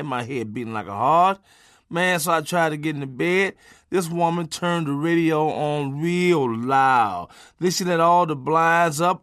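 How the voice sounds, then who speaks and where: Man, comedic memoir storytelling, casual, profane, keeps saying "man", fairly high voice, dry sound. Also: fairly bright tone, dry recording. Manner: casual, street-talk, punctuated by "man". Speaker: comedian reading his memoir.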